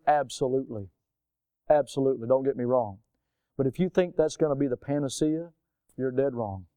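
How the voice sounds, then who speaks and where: A man's voice: mid-range voice, dark tone, smooth, dry recording. A man preaching a sermon with a rising and falling cadence and frequent rhetorical questions. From United States. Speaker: pastor.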